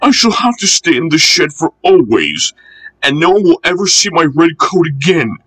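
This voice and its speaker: A man's voice: a little high, sing-song, normal speed, pushed and bright, slightly rough, voice pushed up, heavily acted. A man doing a proud young red engine. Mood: sad. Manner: pleading then determined, puffing.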